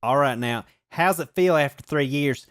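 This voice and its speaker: A man's voice: fairly high pitch, normal speed, a bit bright, clear, resonant tone, dry recording, studio quality, lightly acted. A man doing a hammy Southern drawl. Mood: playful. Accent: put-on Southern US.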